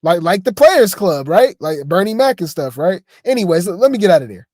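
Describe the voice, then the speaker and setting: A man's voice: sits high, sing-song, brisk, darkish tone, no echo, studio quality. A man giving casual reaction commentary on video clips, chatty and stammering, throwing asides to his viewers. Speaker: commentary host.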